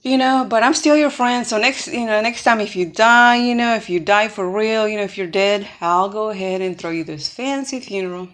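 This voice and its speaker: A woman's voice: mid-range voice, moderate pace, few pauses, a bit bright, natural voice. A woman voicing a scheming, selfish male fox who pleads and brushes things off in casual talk. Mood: pleading. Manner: pleading, filler-heavy, brash.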